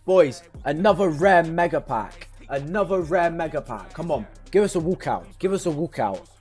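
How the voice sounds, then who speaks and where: Excitable man opening game packs. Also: on the high side, normal speed, soft background music. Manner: chatty, hypes up his viewers, yells at big pulls. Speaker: gaming streamer. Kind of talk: excitable pack-opening commentary.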